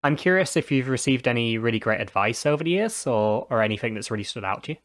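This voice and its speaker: A man's voice: mid-range voice, animated, fast talker, fairly bright tone, dry recording. A male interviewer asking questions and affirming his guest in a casual chat.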